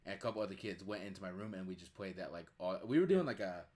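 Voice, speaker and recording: A man's voice: low voice, expressive, quick pace, a little mellow. A young man in his twenties hosting a podcast, telling rambling stories full of fillers. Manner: rambling, filler-heavy storytelling. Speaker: podcast host. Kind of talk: casual podcast chat.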